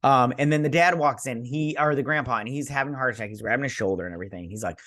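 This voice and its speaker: A man with a medium-pitched voice recaps a TV episode as a reviewer, talking very fast with hardly any pauses. He rambles casually, full of fillers and restarts, animatedly acting out the characters' lines. The recording is dry and studio quality.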